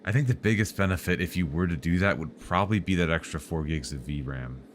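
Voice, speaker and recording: A man's voice: sits low, fast talker, slight background noise. A man streaming live, chatting casually about tech and answering viewers' questions in a rambling, joking way.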